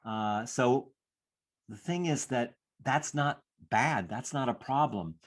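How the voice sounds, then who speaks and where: A man leads a class on handling stress, his voice sitting at an ordinary middle pitch. He talks in a reflective way and slips into short acted inner voices to make his points. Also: slow. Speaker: stress coach. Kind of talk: teaching a class.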